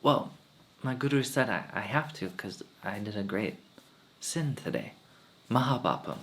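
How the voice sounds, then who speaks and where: A man playing a humble, poor old woman who speaks softly and timidly in a told story. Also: fairly low pitch, expressive, unhurried. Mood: meek. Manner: soft, timid and meek.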